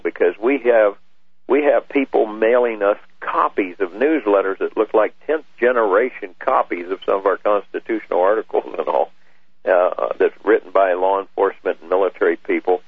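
A male radio guest speaking earnestly and haltingly, with many fillers. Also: on the low side, husky, no echo. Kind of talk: talk radio interview. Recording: tinny phone line on radio.

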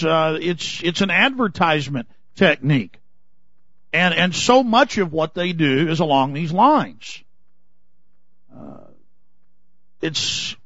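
A man's voice: fairly high pitch, fairly bright tone, no room sound, muffled recording. A man from Texas, delivering an impassioned, indignant talk radio monologue full of restarts. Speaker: political commentator.

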